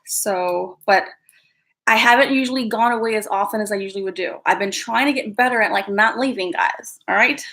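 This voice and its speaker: A woman's voice: medium pitch, moderate pace, a bit bright, echoey room. A woman hosting a casual live stream from an upstairs room at home, chatty and apologetic, often calling her viewers "guys".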